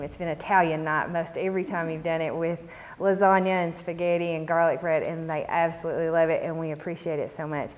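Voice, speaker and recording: A woman with a Kentucky accent, a university student success director, speaking to an alumni audience and telling animated stories about campus life. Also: fairly low pitch, long reverb tail. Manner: animated storytelling, acts out quoted voices. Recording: dull lo-fi recording with faint background noise.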